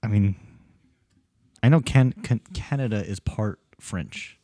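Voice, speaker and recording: A man co-hosting a casual sports podcast, relaxed and agreeable, often answering with short replies. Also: lowish voice, slow, dry recording. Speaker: podcast co-host. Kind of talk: casual chat.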